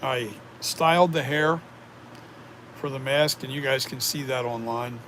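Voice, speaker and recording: A man's voice: mid-range voice, a little slow, fairly bright tone. Man chatting casually over background noise. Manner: rambling, reads and answers chat comments. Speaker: mask maker streaming to viewers. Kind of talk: casual live-stream chat.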